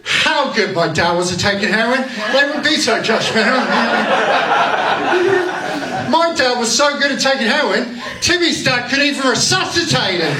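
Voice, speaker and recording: A man's voice: very high voice, expressive, a little slow, very noisy. A man performing a rambling, crude stand-up comedy set on a club stage, full of self-mocking punchlines. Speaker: stand-up comic. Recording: echoey club, distant mic, crowd laughter. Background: laughing audience.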